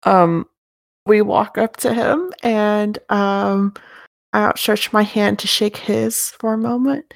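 A woman's voice: medium pitch, slow pace, creaky, no echo. Hesitant woman player, close and dry. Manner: hesitant, polite, many restarts. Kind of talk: casual tabletop play.

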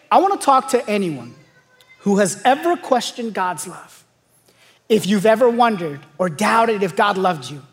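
Young male pastor preaching in a hall. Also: high voice. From Los Angeles. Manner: storytelling, builds to emphatic calls. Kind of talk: sermon. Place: large church auditorium. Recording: long hall reverb.

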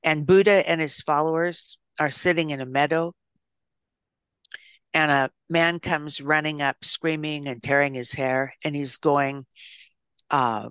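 An older woman, an author and psychologist, speaking as a guest in an interview, reflecting and telling stories with gentle restarts. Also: low voice, fairly even intonation, unhurried, clean tone, no room sound, studio quality. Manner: thoughtful storyteller with gentle restarts.

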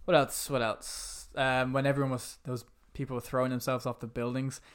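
A man's voice: medium pitch, flat delivery, normal speed, clean tone. A man co-hosting a film podcast, swearing a lot and mocking movies in a rambling, casual chat. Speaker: podcast co-host.

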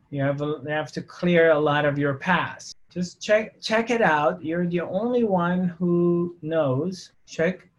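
Higher-pitched man asking probing questions. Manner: probing rhetorical questions, earnest. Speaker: spiritual teacher. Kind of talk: guided spiritual reflection.

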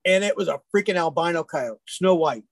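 A man who works as a hunting guide, telling folksy, lively stories in a casual chat. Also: fairly high pitch, a little fast, dry recording. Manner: animated, folksy storyteller. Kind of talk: casual storytelling.

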